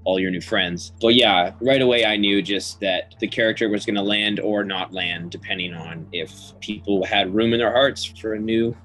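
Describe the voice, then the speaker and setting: Lively young man telling a self-deprecating story. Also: lowish voice, moderate pace, few pauses. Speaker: actor. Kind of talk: anecdotal interview.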